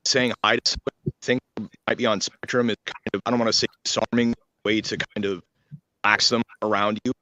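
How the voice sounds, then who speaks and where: A man's voice: lowish voice, pushed and bright, no echo, rough recording. Hesitant man chatting on a video call. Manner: searching for words, hesitant. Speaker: guest. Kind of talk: casual video-call chat.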